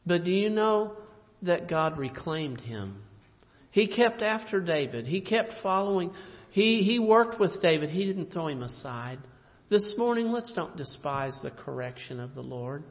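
High, lively preacher in an echoing hall. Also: male voice, a little slow. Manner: emphatic, swooping preacher's delivery with sudden loud and soft turns. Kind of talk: sermon. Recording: dull lo-fi recording in a reverberant hall.

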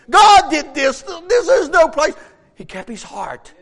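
A man preaching a sermon, emphatic, dropping to a hush and then rising to near shouts. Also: very high-pitched, wildly swooping pitch, takes it slowly, gravelly, long reverb tail. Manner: emphatic, swings from hushed to shouting.

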